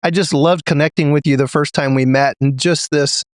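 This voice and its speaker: A man's voice: fairly high pitch, fairly even intonation, normal speed, no room sound. A man hosting a podcast interview, earnest and appreciative as he sets up his questions. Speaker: podcast host.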